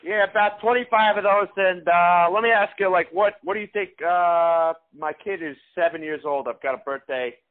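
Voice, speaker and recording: A man's voice: high voice, moderate pace, hardly any pauses. A man making a prank phone call, rambling and hesitant with lots of fillers. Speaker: prank caller. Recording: tinny phone line.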